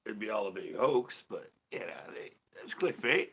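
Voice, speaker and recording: Fishing host guy from california, kinda low voice, jokey and rambly. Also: lively intonation, slow pace, gravelly, pauses often, fairly bright tone, husky. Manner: joking, rambling, laughs a lot. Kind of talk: casual live-stream chat.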